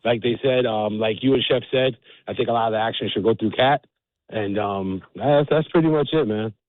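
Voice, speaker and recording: A man's voice: medium pitch, normal speed, dry recording. A man calling in to a sports radio show by phone, laid-back and apologetic. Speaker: caller. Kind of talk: phone-in call. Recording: muffled phone line.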